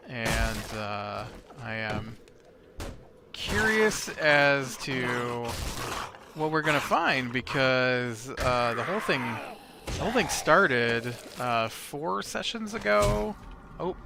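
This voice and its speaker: A man chats his way through a video game, drawling along slowly with plenty of ums and uhs. His voice sits at an ordinary middle pitch. Steady background noise runs under the recording. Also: creaky. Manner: rambling, many filler words. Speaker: let's play host. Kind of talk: casual gameplay commentary.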